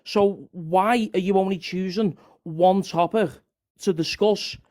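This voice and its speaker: High-voiced argumentative man. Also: takes it slowly, darkish tone. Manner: argumentative, rambling, repeats himself. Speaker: debater. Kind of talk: heated online debate.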